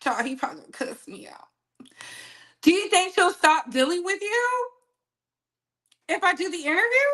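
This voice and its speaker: A woman hosting a casual gossip livestream, animated and laughing often as she talks straight to her chat. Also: very high voice, moderate pace, pauses often.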